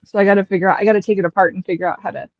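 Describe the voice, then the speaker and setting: A woman streamer talks casually into a headset, wandering through her story with lots of fillers. Her voice sits in a middle pitch, and the sound is muffled and dry. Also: fairly even intonation, racing, dry recording. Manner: rambling, full of fillers. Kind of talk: casual chat.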